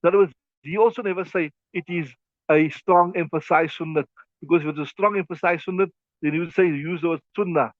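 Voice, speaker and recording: A man's voice: a little high, fairly even intonation, a little fast, no room sound. A man teaching a class on an Islamic legal text, explaining it step by step and often checking "right?" with his students. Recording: thin phone-like dry recording.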